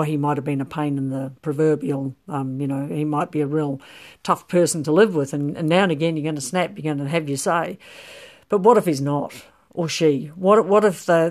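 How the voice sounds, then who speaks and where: A woman's voice: sits low, darkish tone. Chatty middle-aged woman health coach. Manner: chatty, rambling, frequent ums and restarts. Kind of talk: casual talk to camera.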